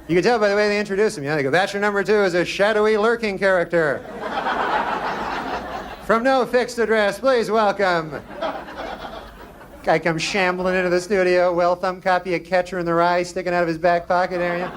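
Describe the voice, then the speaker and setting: A man doing a stand-up routine on a comedy club stage, with a drawling deadpan delivery and many "you know?" asides. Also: sits high. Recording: live club recording with loud crowd and noise.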